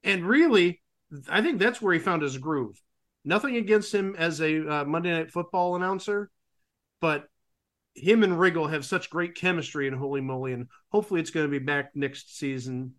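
Male podcast co-host, slightly high voice, opinionated and sarcastic, casual chat. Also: moderate pace, fairly bright tone.

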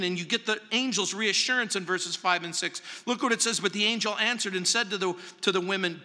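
A male pastor preaching slowly and deliberately, his high, bright voice carrying a long reverb through a large church hall. He leans on single words and often drops to a quiet, earnest tone. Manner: slow, emphatic preaching with long pauses, dropping soft for stress. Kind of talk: verse-by-verse sermon.

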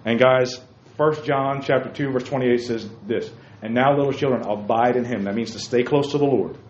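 In a church room filled with young men, a preacher calls on listeners by name and repeats key phrases with emphasis. He talks at a normal speed with medium pitch, and the lo-fi recording sounds roomy and dull with faint noise.

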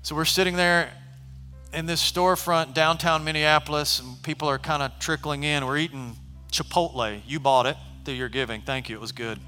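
A man preaching a sermon, telling stories casually and at times shouting. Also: fairly high pitch, normal speed, soft background music. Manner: animated, shifts from conversational to shouting. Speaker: pastor. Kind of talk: sermon storytelling. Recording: long hall reverb.

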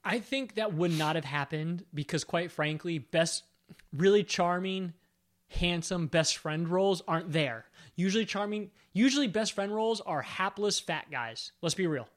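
A man hosting a casual film discussion, retelling movie scenes with animated energy. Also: high-pitched, normal speed. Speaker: podcast host.

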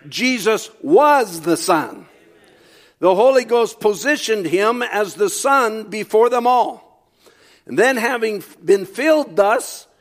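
High-voiced man preaching a fervent sermon. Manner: fervent, rising to shouts on key points; reads quotations aloud and comments on them.

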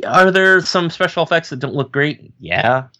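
A man co-hosting a casual podcast, talking in a relaxed, rambling way with many fillers. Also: fairly high pitch, normal speed. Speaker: podcast co-host. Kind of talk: casual chat.

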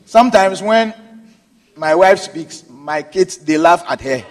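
A man preaches a sermon in a slow, deliberate way, stretching his phrases for emphasis. His voice sits strikingly high and swings widely in pitch. He breaks into chuckles along the way. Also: lively intonation, big-room sound. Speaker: pastor.

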